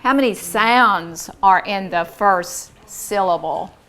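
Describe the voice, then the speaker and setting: A woman teacher leading a classroom phonics lesson, encouraging and deliberate, sounding out words for young pupils in a classroom. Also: medium pitch, fairly bright tone.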